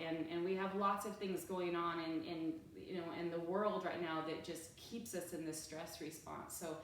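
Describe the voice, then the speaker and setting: A woman leads a yoga class in a loose, chatty way, laughing as she talks. She sounds far from the mic, in a very echoey room with a faint hum of ambience behind her. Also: on the low side. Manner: chatty, laughing, animated storytelling. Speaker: yoga teacher. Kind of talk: casual class talk.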